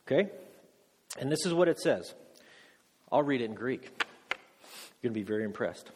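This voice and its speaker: A man's voice: mid-range voice, lively intonation, normal speed, pauses often, a little mellow, husky. A man, a married father, preaching a teaching sermon to a congregation, quizzing them with questions and joking about himself. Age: adult. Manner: joking, self-deprecating, quizzes the audience. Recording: long echo of a large hall.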